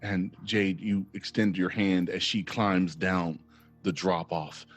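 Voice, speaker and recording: A man's voice: low voice, level tone, takes it slowly. A man narrating a tabletop game as game master with dramatic, descriptive narration.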